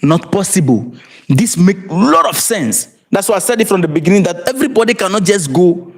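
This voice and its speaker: A high-pitched man with a Ghanaian accent talks through the news on a livestream. His voice swings widely as he presses rhetorical questions on his viewers and asks them to comment. He often restarts and repeats words and laughs between points. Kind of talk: live-streamed political commentary.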